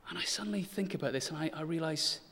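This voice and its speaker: Earnest preacher in a reverberant church. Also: male voice, fairly high pitch, fast talker, pushed and bright. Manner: earnest, rises to urgent emphasis, with light self-deprecating humor. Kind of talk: sermon. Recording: long hall reverb.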